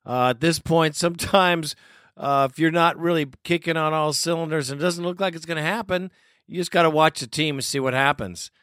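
A man's voice: on the high side, a little fast, a bit bright, dry recording, studio quality. A man hosting a fan talk show, laid-back, laughing now and then as he introduces callers. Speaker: radio show host. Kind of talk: casual radio talk.

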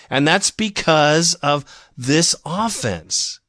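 A man talks at an unhurried pace in a dry, close recording. His sports fan monologue is heated and opinionated. It swings between measured grumbling and loud outbursts. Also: medium pitch, dry recording. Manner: heated, ranting, swings from calm to shouting.

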